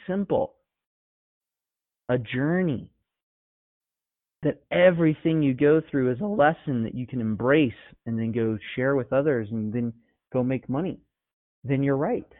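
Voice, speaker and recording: A man's voice: mid-range voice, no room sound. Emphatic coaching man, tinny phone-like sound. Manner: emphatic, conversational, rhetorical questions. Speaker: business coach. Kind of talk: motivational coaching talk.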